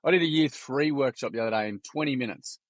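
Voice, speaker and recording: A man, telling stories in a casual interview in a blunt, matey, energetic way. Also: medium pitch, fast talker, dry recording. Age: 40s. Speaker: guest, workshop founder.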